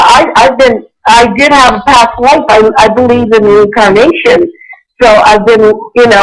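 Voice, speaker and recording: A woman's voice: a little high, low-quality recording. A woman in her sixties from the US East Coast, a guest in an interview who talks at length in a rambling, emphatic way and repeats herself. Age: 60s. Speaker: guest UFO researcher. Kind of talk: interview conversation.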